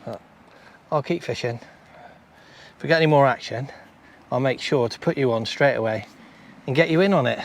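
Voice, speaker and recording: A British man giving chatty running commentary to viewers while fishing on a beach, excitable and talkative. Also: mid-range voice, moderate pace, slight background noise. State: out of breath. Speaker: fishing vlogger and coach. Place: outdoors on a beach. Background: faint outdoor ambience.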